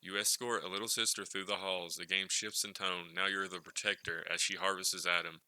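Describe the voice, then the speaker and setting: A man giving scripted narration for a video retrospective, in a steady, explanatory manner. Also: low-pitched, brisk, smooth, no echo, poor audio.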